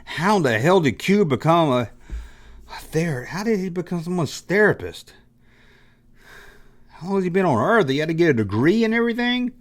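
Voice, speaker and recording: Vlog host: a man, sarcastic and exasperated, very lively pitch. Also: normal speed, pauses often. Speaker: channel host. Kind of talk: ranting commentary vlog.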